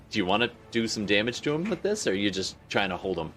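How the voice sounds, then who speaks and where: A man narrates a tabletop game as its game master, with a lower voice that leaps up and down in pitch as he paints the scene. He describes each move with vivid, animated detail. His storytelling stays lively throughout. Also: quick pace, few pauses, faint music behind. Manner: animated, vivid scene-setting with frequent laughter.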